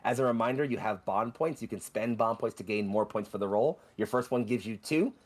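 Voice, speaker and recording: A man narrating a tabletop role-playing game as game master, with vivid, rushing descriptions. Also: lowish voice.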